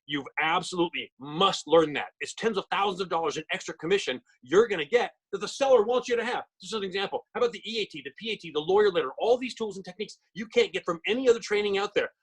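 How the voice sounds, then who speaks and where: Talking at breakneck speed into a computer mic, a middle-aged man leads a real estate training webinar on a video call with a salesman's emphatic push. His high, husky voice is animated, and the recording is rough.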